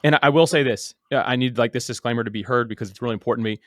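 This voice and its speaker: Fast-talking man telling his story. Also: medium pitch, a bit bright, no room sound, studio quality. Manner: rapid, full of "like" and repeated words. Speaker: podcast guest. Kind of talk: casual conversational storytelling.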